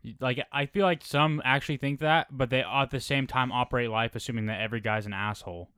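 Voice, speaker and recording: A man co-hosting a casual podcast, relaxed and laughing along. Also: mid-range voice, fast, clear, resonant tone, no echo, clean studio sound. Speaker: podcast co-host. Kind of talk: casual chat.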